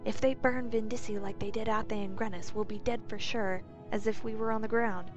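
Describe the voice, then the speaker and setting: A woman's voice: a little high, fairly even intonation, fairly quick, lightly acted. A woman reading as a nervous Imperial man. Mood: anxious. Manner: nervous, worried. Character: anxious, stranded male Imperial builder. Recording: dull lo-fi recording, faint music.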